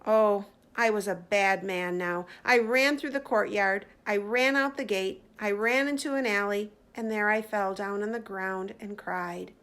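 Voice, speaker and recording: Slow-reading woman storyteller. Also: mid-range voice, a bit bright, smooth. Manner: slow, deliberate dramatic storytelling. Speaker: teacher. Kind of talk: reading a children's Bible story aloud.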